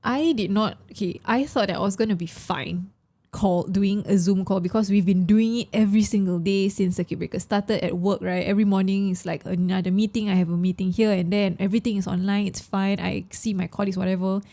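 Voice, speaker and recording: A woman's voice: mid-range voice, steady tone, brisk, mellow. A young Singaporean woman co-hosting a casual chat, talking in an emotional, chatty way and mixing in Malay words. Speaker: podcast co-host.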